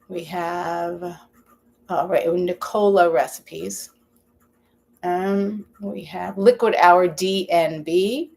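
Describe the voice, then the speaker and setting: A woman hosting a live stream from her home kitchen, with a slightly low voice. She chats loosely and rambles, stopping to read viewer comments aloud. The talk is casual and unscripted. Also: a little mellow. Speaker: cooking channel host.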